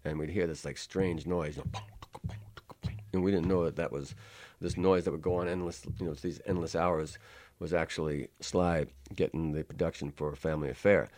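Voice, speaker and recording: Deep-voiced laid-back male storyteller. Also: fairly even intonation, brisk, hardly any pauses, darkish tone. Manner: rambling, laid-back, lots of "uh" and "man". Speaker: musician telling studio stories. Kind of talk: relaxed anecdotal storytelling.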